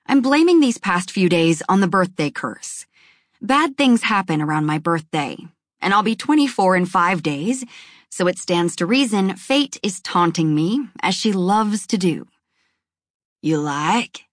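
A woman's voice: medium pitch, animated, measured pace, dry recording, studio quality. A young adult woman reading a first-person audiobook, with wry, dramatic storytelling. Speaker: audiobook narrator. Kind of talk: scripted first-person narration.

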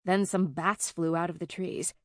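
A woman narrating a first-person fantasy audiobook in an even, conversational way. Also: lowish voice, normal speed, no echo, clean studio sound.

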